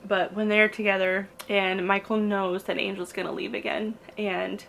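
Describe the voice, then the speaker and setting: A woman's voice: medium pitch, steady tone, unhurried, creaky, hardly any pauses, sharp tone. A young woman vlogging about a book she loves, reading passages aloud and gushing emotionally between them.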